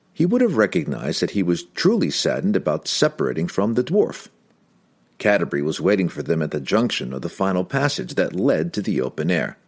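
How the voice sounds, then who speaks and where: A man narrates a fantasy novel in a dramatic, expressive audiobook reading. His voice is low and deep. His inflection swings widely to carry the story. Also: slightly rough.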